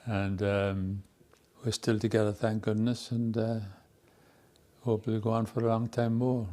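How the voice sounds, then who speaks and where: A man's voice: lowish voice, level tone. Older Irish man, fond storyteller. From Ireland. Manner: fond, unhurried storytelling with soft laughs. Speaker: former footballer. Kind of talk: reminiscing interview.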